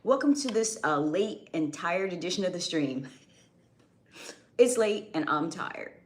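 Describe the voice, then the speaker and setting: A woman's voice: fairly low pitch, expressive, measured pace. A young adult woman hosting a casual live stream, chatting with viewers by name, her voice slightly strained and going. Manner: chatty, greets viewers by name, restarts sentences. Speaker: livestream host.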